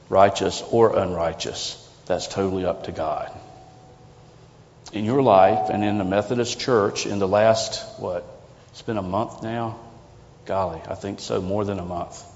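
Low-voiced guy preaching a sermon, chatty and earnest, long church echo. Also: darkish tone. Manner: conversational, earnest, with rhetorical questions. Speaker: pastor. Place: church sanctuary. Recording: lo-fi recording in a reverberant sanctuary.

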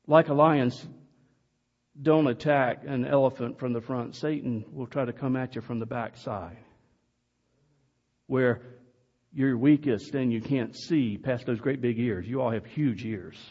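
A male pastor preaches slowly and earnestly, now and then raising his voice to rally the congregation. The sound is muffled and low-fidelity, carried from a distance in a church with a long, lingering reverb. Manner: slow, earnest preaching with sudden loud calls. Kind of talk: sermon. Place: church sanctuary.

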